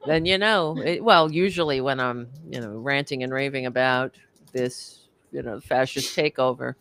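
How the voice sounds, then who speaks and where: A woman with a New York accent chatting casually on a panel over a video call, animated and rambling, laughing often. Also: a bass voice, moderate pace, no room sound.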